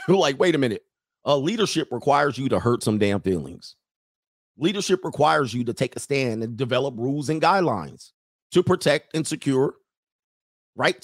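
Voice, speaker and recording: A man hosting a livestream as a coach talks bluntly and crudely, and he often turns preachy. His voice sits at an average pitch. The sound is dry and close, with almost no room echo. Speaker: coach, podcast host. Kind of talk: livestream commentary reading chat.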